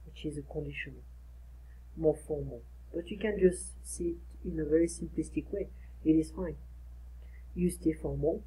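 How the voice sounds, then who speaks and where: A woman teaching a recorded lesson, explaining slowly and repeating phrases for practice. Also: fairly low pitch, dark tone, poor audio. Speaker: French tutor. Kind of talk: recorded lesson for one student.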